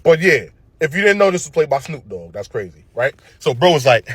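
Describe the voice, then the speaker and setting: A man giving a casual, profane commentary rant, opinionated and loaded with slang. His husky voice sits a bit high for a man and swoops up and down with energy, recorded dry and close. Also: big pitch swings, brisk, hardly any pauses, a bit bright, no room sound. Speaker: show commentator.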